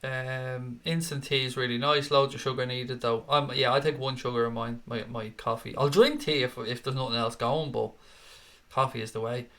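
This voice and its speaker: A man's voice: mid-range voice, fairly even intonation, a bit bright. A middle-aged man, hosting a casual live stream, reading viewer comments and ranting with plenty of swearing. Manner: sweary, quick to rant in mock outrage. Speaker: host.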